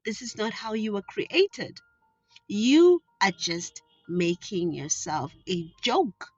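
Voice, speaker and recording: A woman's voice: expressive, slow pace, slightly rough, no echo, muffled recording, soft background music. A woman voicing a group of mocking small children who taunt a shy girl in a storybook tale. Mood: scornful. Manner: taunting, high-pitched, loud.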